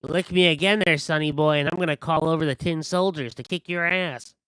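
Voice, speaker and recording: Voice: medium pitch, a little fast, fairly bright tone, clear, resonant tone, no room sound, voice pushed up, natural voice. A game master voicing a cheeky, pushy male candy vendor with a pumpkin for a head, talking in a brash, streetwise way. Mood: irate.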